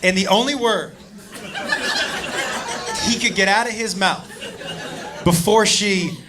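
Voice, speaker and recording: A man doing stand-up comedy on a club stage, telling a wild story loudly and laughing through his punchlines. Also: high-pitched, slow pace. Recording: live club set with audience laughter. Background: crowd laughter and room noise.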